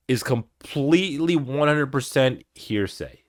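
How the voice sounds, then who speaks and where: A man's voice: fairly high pitch, animated, normal speed. A man whose first language is German, giving casual reaction commentary as a music reaction host, exasperated and mocking.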